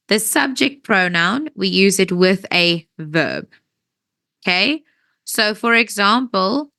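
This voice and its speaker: A woman teaching an English grammar lesson, patient and checking that everyone understands, her voice tiring and needing a throat-clear now and then. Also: mid-range voice, expressive, slow pace, a bit bright, dry recording. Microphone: wears headphones.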